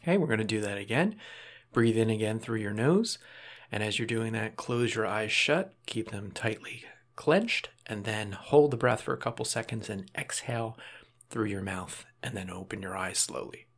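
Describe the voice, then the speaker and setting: A man calmly guiding listeners through a breathing and muscle relaxation exercise, step by step, with small casual asides. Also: lowish voice, normal speed. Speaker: relaxation instructor.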